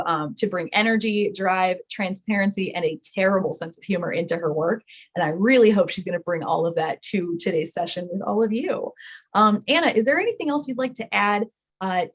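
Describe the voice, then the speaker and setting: A woman hosting a live online chat, talking casually with many fillers and self-deprecating asides. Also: mid-range voice. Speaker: webinar host.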